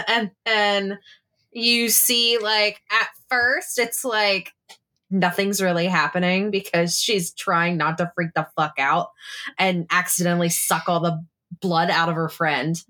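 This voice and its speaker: A woman's voice: medium pitch, fairly even intonation, takes it slowly, sharp tone. A woman playing a tabletop role-play game, describing her character's actions in a rambling, casual way with swearing. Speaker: player.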